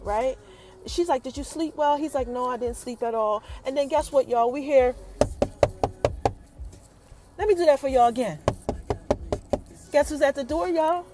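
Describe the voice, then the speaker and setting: Woman podcast host, high voice, hyped casual recap, acts out the dialogue for her listeners. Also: darkish tone. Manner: chatty, hyped, talks straight to listeners as "y'all"; acts out the characters' lines while retelling.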